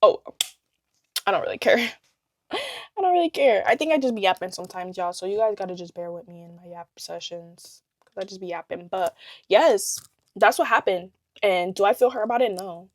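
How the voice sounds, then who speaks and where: A woman's voice: medium pitch, fairly quick, dry recording. A young adult woman telling a storytime on her channel, blunt and profane, rambling and laughing often. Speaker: vlogger. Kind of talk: casual storytime chat.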